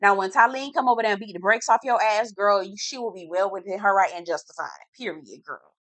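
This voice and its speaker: A woman's voice: medium pitch, dry recording. A woman giving a blunt, slang-heavy reality TV recap, stretching out words for emphasis. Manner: sassy, slangy, blunt commentary; lively, drawn-out emphasis. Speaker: TV recap reviewer.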